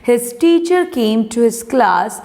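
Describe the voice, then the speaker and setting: Slow Indian English teacher woman. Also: a little high, expressive, a little mellow, in a large hall. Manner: slow, deliberate, gives underlining instructions word by word. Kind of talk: reading a textbook lesson to young pupils.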